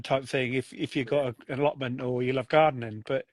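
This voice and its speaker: A man's voice: mid-range voice, fairly quick, no room sound. Brief: male podcast host, easygoing and enthusiastic, dry close-miked sound. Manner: chatty, enthusiastic, laughs easily. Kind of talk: casual chat.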